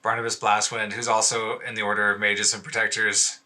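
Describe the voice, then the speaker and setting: A man's voice: lowish voice, level tone, fairly quick, pushed and bright. A man narrating as game master in a tabletop game, in a loose way with many fillers. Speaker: dungeon master.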